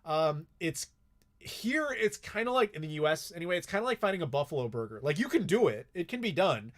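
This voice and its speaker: A man talks through viewer questions on a live stream in a loose, meandering way. His voice sits slightly high for a man, and he swears casually and pads his sentences with fillers. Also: very animated, a little fast, a bit bright. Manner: rambling, swears freely, many "like" fillers. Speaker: streamer answering chat questions.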